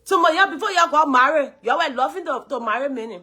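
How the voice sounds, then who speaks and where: A Liberian woman hosting a live stream, her voice hoarse from a cold yet high and bright. She talks straight to her viewers, greets them by name and drives her points home by repeating them again and again. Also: lively intonation, fast talker. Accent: Liberian English.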